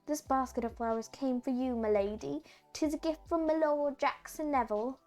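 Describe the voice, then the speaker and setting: A woman performs a prim young maid with an old-fashioned, formal manner and an affected accent. Her voice is high-pitched and somewhat dark, at a moderate pace, raised above her natural pitch yet still close to how she normally speaks.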